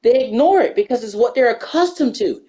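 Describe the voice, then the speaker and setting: A woman's voice: on the high side, animated, a little fast, mellow. A woman telling a personal story to camera as a heated rant, repeating herself, stammering and swearing when worked up. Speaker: storyteller vlogger.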